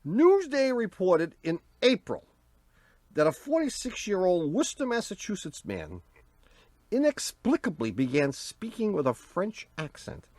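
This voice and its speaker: A man co-hosting a radio car show, reading aloud and breaking into wheezy, high cackling laughter. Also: huge pitch swings, a little slow, a little mellow, dry recording. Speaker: radio co-host. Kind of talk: radio call-in show banter.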